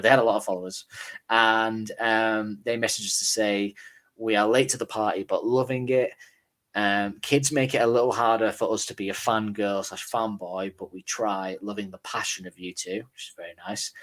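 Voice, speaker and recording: A man's voice: fairly low pitch, a bit bright. A man with a Northern English accent, co-hosting a podcast and chatting casually through listener messages with an easygoing, swearing, self-deprecating manner. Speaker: podcast co-host.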